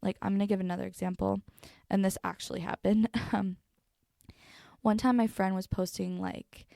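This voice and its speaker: Mellow young woman with a gravelly edge. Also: medium pitch, normal speed, no echo, studio quality. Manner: casual, rambling, heavy filler words; calm and mellow. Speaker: video host. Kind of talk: personal reflective talk.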